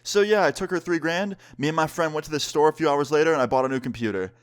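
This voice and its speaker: A young man telling a personal story in a casual, animated way, with lots of filler words. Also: a little high, fast, clear, resonant tone. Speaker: vlogger. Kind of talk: storytime vlog.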